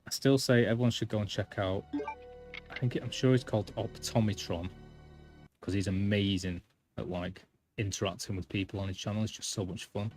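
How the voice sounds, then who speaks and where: A man talks over his live stream as he plays, chatty and a bit self-deprecating. His voice sits on the lower side, and game music plays clearly in the background. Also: steady tone, a little fast, darkish tone. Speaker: gaming streamer. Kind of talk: casual live-stream commentary.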